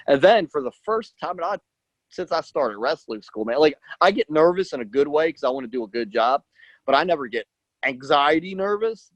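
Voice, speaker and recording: A man's voice: medium pitch, lively intonation, a little fast, no echo, highs cut off. A male wrestler guest telling his story in a rambling casual way, acting out quotes with lots of "like". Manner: rambling, acts out quotes, many "like"s.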